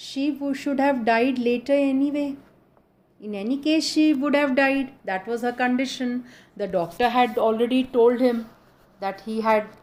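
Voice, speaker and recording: A woman lecturer with an Indian English accent, slowly explaining lines of a play to students, quoting each line and then paraphrasing it. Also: fairly high pitch. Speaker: college lecturer. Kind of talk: recorded literature lecture.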